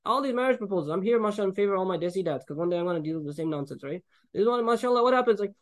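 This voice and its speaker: A man preaching a sermon, explaining Quran verses with Arabic recitation, animated and joking as he acts out the people in the story. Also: sits high, very fast. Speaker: Islamic preacher.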